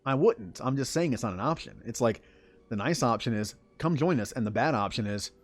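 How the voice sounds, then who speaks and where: A man from the southern United States gives casual gameplay commentary. His voice sits at an ordinary middle pitch, and his talk is chatty and rambling, with frequent laughs. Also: animated, brisk. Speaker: gaming streamer.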